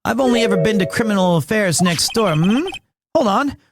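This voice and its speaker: A man's voice: high voice, animated, brisk, a loud crowd. A man reading the lines of an earnest young male lawyer from a video game, in a dry, musing way. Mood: puzzled. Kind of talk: reading game dialogue aloud on a stream.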